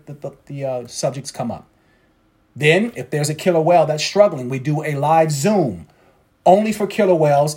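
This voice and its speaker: A trading coach with a slightly high, darkish voice gives traders a preachy motivational talk, repeating his points for emphasis.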